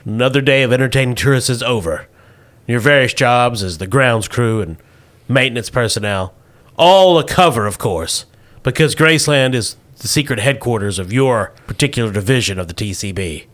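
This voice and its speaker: A man narrating a tabletop game as game master, theatrical and sometimes mock-gruff. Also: mid-range voice, animated, normal speed, fairly bright tone.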